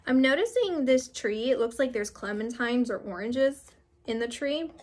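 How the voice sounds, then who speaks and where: A young woman giving a casual spiritual card reading, rambling with many fillers and restarts, gently reassuring. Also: a little high, lively intonation, normal speed. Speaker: tarot reader.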